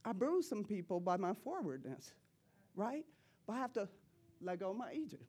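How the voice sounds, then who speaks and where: Animated woman preaching a testimony. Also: mid-range voice, moderate pace, slightly rough. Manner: animated and emphatic, laughing often between lines; casual, slangy preaching talk. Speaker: church speaker. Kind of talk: personal testimony sermon.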